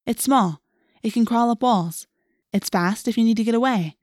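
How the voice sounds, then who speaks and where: A woman voicing a gentle, thoughtful teenage girl in a storybook. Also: a little high, moderate pace, no echo, clean studio sound, voice pushed up, natural voice.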